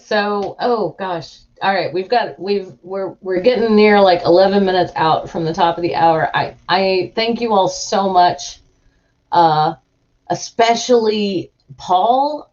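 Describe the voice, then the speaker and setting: Chatty woman streaming live. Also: on the low side. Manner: animated storytelling, acts out voices of people in her anecdotes. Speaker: livestream host. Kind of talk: casual chat to live viewers. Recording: muffled lo-fi stream audio.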